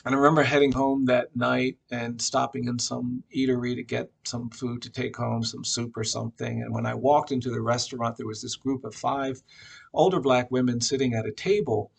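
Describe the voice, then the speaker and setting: A man giving a reflective personal tribute at a memorial, telling a story with frequent pauses and fillers. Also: mid-range voice, fairly even intonation, vocal fry, husky. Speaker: memorial speaker.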